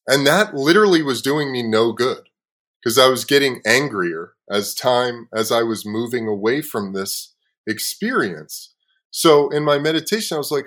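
Laid-back podcast host swearing freely. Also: male voice, mid-range voice, animated, moderate pace, fairly bright tone. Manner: swears freely, laughs often. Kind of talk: casual podcast storytelling.

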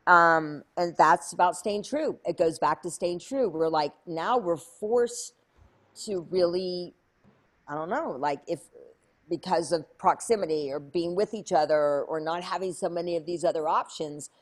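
A woman telling a story as an interview guest, lively and chatty, acting out other people's voices with many fillers. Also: on the low side, unhurried. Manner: animated, acts out quoted voices, many fillers. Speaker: interview guest, speaker and coach.

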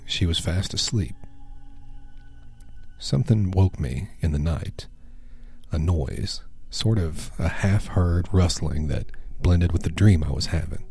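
A man narrating a first-person horror story in a hushed, measured way. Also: sits low, husky, no room sound.

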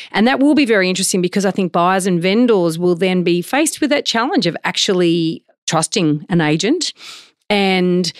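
A middle-aged woman who hosts an interview podcast and asks long, chatty, animated questions. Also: on the low side, no room sound, studio quality. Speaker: podcast host.

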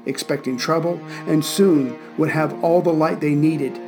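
Male podcast host, from central virginia, slightly higher voice, dry wry asides, history narration. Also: steady tone, measured pace, music in the background. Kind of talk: podcast narration and casual listener shout-outs.

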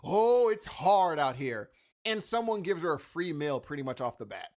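Podcast co-host: high, lively male voice, exasperated and slangy, ranting through a casual chat. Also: moderate pace.

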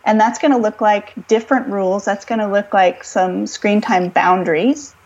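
A woman speaking as a guest expert on a podcast, giving calm parenting advice and acting out scripts for parents. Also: mid-range voice, moderate pace, slightly rough, dull audio. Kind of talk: podcast conversation.

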